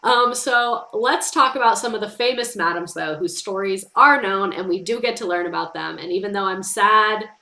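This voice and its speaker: A woman's voice: medium pitch, normal speed, few pauses, sharp tone. A young woman streaming casual history talk, chatty and heartfelt, with lots of "like" fillers. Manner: chatty, emotional, many "like" fillers. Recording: roomy echo.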